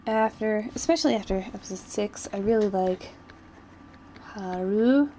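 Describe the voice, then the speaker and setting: A woman's voice: medium pitch, moderate pace, warm tone, slight background noise, rough recording. A woman vlogger chatting casually while she doodles, rambling and giggling like a gushing fan.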